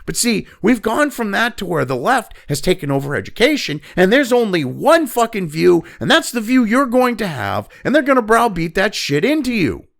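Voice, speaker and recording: Gravelly high-pitched man ranting angrily. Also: very animated, moderate pace, few pauses, a bit bright. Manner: angry, mocking, heavy swearing. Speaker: political commentary host. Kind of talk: profane opinion rant.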